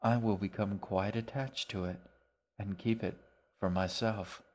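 A man voicing a cold, menacing man who speaks in a quiet, flat monotone. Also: on the low side, unhurried. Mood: quiet menace.

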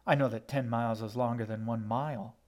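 A man's voice: mid-range voice, steady tone, fairly quick, a little mellow, lightly acted. A stubborn, sulky young girl from a storybook, asking question after question, as a man voices her. Her voice is lifted well above the reader's own, with a petulant edge.

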